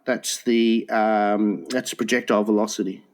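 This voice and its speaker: A man co-hosting a crude comedy podcast, rambling and giggling, often jumping into high mocking voices. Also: steady tone, a little slow. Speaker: podcast co-host.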